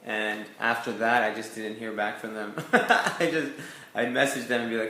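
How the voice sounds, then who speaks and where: A man's voice: fairly low pitch, level tone, a little fast, pushed and bright, echoey room, a little hiss or hum. A young man from Canada, an actor telling his career story in a casual interview, full of "like" and "you know". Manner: chatty, lots of "like" and "you know" fillers. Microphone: video call.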